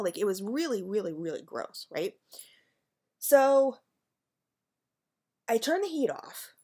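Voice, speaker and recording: A woman's voice: medium pitch, very animated, a little slow, pauses often, darkish tone. A woman vlogger telling a story in a chatty, rambling way, full of fillers as she acts out what others said. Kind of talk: casual storytelling to camera.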